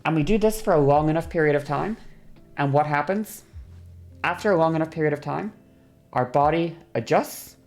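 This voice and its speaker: Brief: woman streamer, low and gravelly, loose rambling explainer who slides her voice up and down to demonstrate. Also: moderate pace, darkish tone, faint music behind. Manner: rambling, self-correcting, laughs often. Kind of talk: casual livestream explainer.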